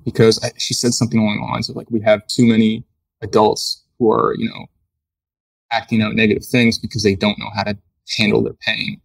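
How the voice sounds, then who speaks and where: A man as a podcast guest and mindfulness coach, speaking slowly and thoughtfully with some restarts, in casual chat. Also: fairly low pitch, monotone, creaky, slightly rough. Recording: voice distant from the mic.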